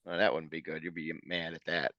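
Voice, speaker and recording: A man co-hosting a casual album-review chat, easygoing and halting, with many fillers. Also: a bass voice, level tone, sharp tone, no room sound, muffled recording. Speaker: co-host.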